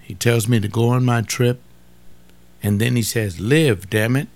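A man's voice: mid-range voice, little pitch movement, normal speed, darkish tone. An older man giving an informal sermon, repeating phrases for emphasis and talking straight to his listeners. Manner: repetitive, emphatic, conversational preaching. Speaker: pastor.

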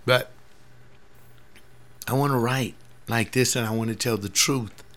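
A man's voice: mid-range voice, steady tone, measured pace, a bit bright. A man in his seventies, a pastor, talking earnestly in a rambling personal monologue, often repeating words. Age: 70s.

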